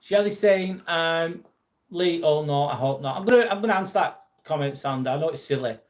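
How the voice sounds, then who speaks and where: A man hosting a casual live stream, reading viewer comments aloud and replying to them in an easygoing way. His voice sits a little high for a man. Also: brisk. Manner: chatty, reads comments aloud and answers viewers. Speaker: vlog host reading live chat.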